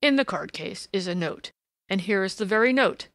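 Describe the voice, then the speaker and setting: A woman voicing a stubborn, blustering police inspector from a storybook who argues with bitter insistence. The voice has a gravelly grain and a dry, close sound. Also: medium pitch, expressive, normal speed, a bit bright, no echo. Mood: triumphant. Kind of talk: audiobook character reading.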